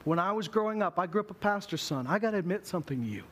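A man's voice: high voice, expressive, rapid-fire, slight background noise. A man preaching a sermon in a church, telling stories with humor and acting out voices. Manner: humorous storytelling, acts out voices. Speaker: pastor.

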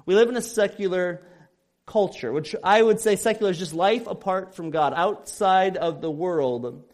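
Man from Illinois, pastor preaching, fairly high voice, earnest repeated emphasis. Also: moderate pace. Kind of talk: sermon.

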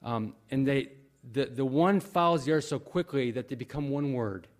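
A man's voice: mid-range voice, moderate pace. Earnest conversational male preacher. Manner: conversational, earnest, with frequent fillers and restarts. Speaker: pastor. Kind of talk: sermon.

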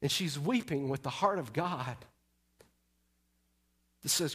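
A man's voice: on the high side, animated, takes it slowly, long pauses, a bit bright, husky. A man preaching a sermon as pastor, telling a personal story with emphasis and speaking straight to the congregation.

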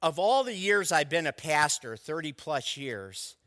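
A man's voice: fairly high pitch, big pitch swings, measured pace, pushed and bright, big-room sound. An older man, a pastor of over thirty years, preaching a sermon in a conversational, storytelling way with asides to the congregation.

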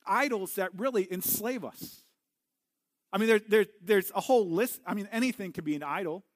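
A man's voice: sits high, no room sound, studio quality. A middle-aged man preaching a sermon as a pastor, earnest and often restarting his words. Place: church.

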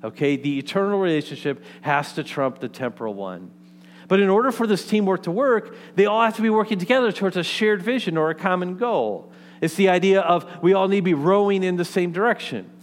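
A man's voice: high voice, animated, a little fast. A man preaching a sermon in a conversational way, often checking in with "okay?" and "right?" and restarting his sentences. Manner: frequent restarts and repeated words. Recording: long hall reverb.

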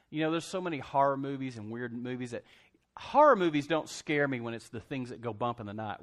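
A man's voice: medium pitch, a bit bright. A male pastor preaching in a conversational, joking way, full of asides and restarts as he tells a Bible story. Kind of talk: conversational sermon.

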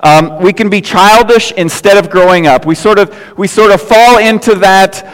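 A man's voice: high voice, moderate pace. An older man preaching a sermon as pastor, telling folksy stories and jokes with casual asides. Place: church sanctuary. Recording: long hall reverb.

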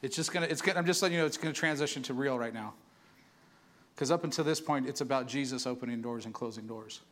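A man preaching a sermon to his church, animated and conversational, asking the congregation for responses. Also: mid-range voice, fast. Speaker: pastor.

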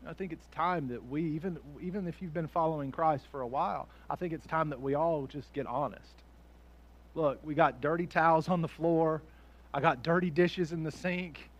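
Animated high-voiced male preacher. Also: brisk. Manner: animated, shifting from hushed to loud; laughs often, acts out voices. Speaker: pastor. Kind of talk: sermon.

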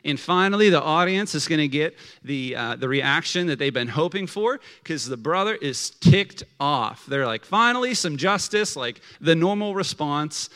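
A man's voice: a little high, animated, normal speed, few pauses, fairly bright tone. A man preaching a casual sermon in a conversational way, peppered with the filler like. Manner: conversational, many fillers of like, acts out quotes.

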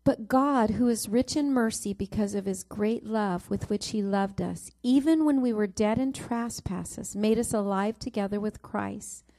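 A woman's voice: mid-range voice, a little slow, few pauses. A middle-aged woman preaching a sermon, reading scripture and telling a family story, stressing each verse number. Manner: warm storytelling with Bible reading, rising emphasis on verse numbers.

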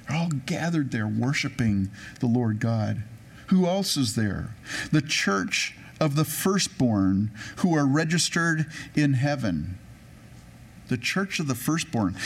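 A man preaching a sermon in a casual, conversational way. He mixes everyday stories with scripture, and he slows down deliberately whenever he reads a verse aloud. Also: fairly high pitch. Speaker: pastor.

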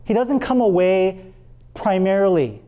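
A man preaching a sermon and reading scripture aloud, with dramatic pauses and words repeated for emphasis. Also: high voice, animated, dark tone, dull audio. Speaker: pastor.

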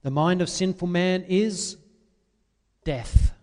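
A man preaching an impassioned sermon, swinging between loud, drawn-out pleas and quiet, confessional asides. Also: sits high, in a large hall.

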